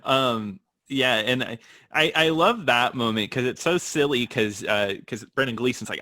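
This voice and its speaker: Man, podcast co-host, casual chat, bright tone, dry recording, animated and laughing. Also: mid-range voice, moderate pace, dry recording. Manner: laughs often, animated, lots of "like".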